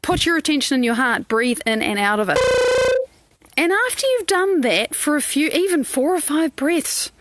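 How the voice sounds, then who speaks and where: A woman's voice: sits high, animated, normal speed, a bit bright, slight background noise. A woman coach giving a casual live talk to viewers, guiding them through heart-focused breathing in an encouraging way. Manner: encouraging, guides breathing exercises.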